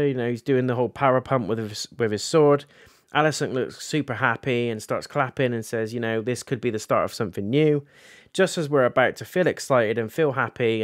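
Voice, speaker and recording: A man's voice: mid-range voice, no echo, clean studio sound. A man gives a casual episode review, animatedly recapping scenes and acting out the characters' lines.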